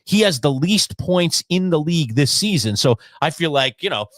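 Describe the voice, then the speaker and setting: A man co-hosting a casual fantasy football talk show, telling stories animatedly and acting out his own yelling. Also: a little high, normal speed, no room sound. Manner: animated storyteller who acts out his own shouting. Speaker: podcast co-host.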